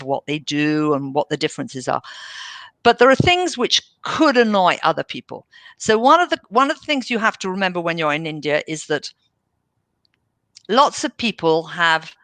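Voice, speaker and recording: A woman's voice: deep voice, creaky, fairly bright tone, no echo. A woman, a managing director guesting on an interview podcast, telling stories with enthusiasm and acting out quoted dialogue. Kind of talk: casual interview storytelling.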